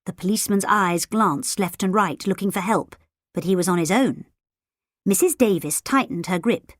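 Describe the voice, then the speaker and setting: A woman narrating a children's storybook audiobook in a lively, expressive way. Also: mid-range voice, normal speed, no room sound, studio quality. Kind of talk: storybook narration with character voices.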